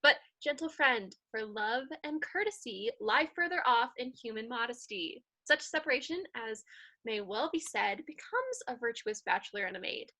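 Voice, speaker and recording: A woman reading the part of a modest young woman in an amateur play reading, gentle and measured. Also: on the high side, expressive, heavily acted, low-quality recording.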